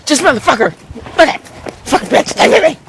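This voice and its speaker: A man vlogging in casual chat, excitable, swearing freely and laughing. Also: extremely high pitch, quick pace, creaky, a little hiss or hum, rough recording. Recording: loud music behind the voice.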